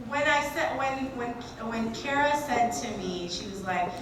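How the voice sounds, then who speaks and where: Animated woman actor in an echoey hall. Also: fairly high pitch, measured pace. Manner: animated, emotional storytelling with laughs. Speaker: actor on a convention panel. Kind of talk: casual panel storytelling. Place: large convention hall. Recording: echoey noisy hall from far off.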